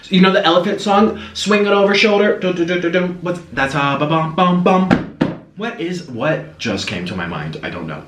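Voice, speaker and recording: A man's voice: a little high, very animated, normal speed, a bit bright. A man chatting casually to the camera as he eats, cooing now and then at his pet. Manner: chatty, coos at his pet between bites. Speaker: food vlogger. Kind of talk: casual mukbang chat to camera. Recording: echoey room with faint noise.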